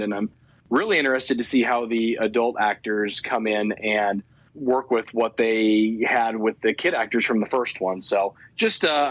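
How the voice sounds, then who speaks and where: A man co-hosting a horror podcast, sharing news items in a measured way. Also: medium pitch, a bit bright, no room sound, poor audio. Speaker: podcast co-host. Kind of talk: casual chat.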